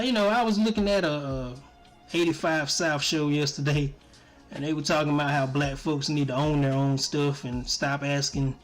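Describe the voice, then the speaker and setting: A man giving casual, profane commentary on his stream, animated and often breaking into laughter. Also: a little high.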